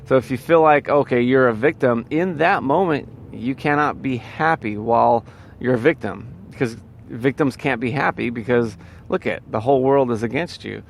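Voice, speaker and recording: A man's voice: medium pitch, normal speed, gravelly, a little hiss or hum. A man in a casual motivational monologue, rambling and full of fillers and restarts. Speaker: vlogger giving life advice.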